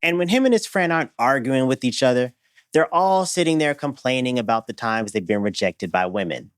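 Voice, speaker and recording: Lively, sarcastic male commentary host. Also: mid-range voice, fairly quick, clear, resonant tone, dry recording, studio quality. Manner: sarcastic, laughs at his subject. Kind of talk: casual commentary narration.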